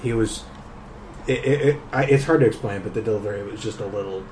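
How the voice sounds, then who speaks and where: A man hosting a casual podcast chat, talking haltingly with many fillers and restarts. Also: lowish voice, darkish tone, a little hiss or hum. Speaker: podcast host.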